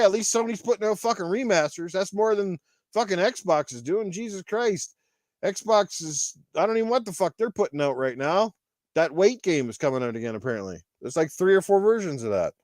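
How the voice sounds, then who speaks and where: Male podcast host, angry profane rant, high pitch, dry close sound. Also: animated, brisk, no room sound. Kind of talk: ranting gaming podcast.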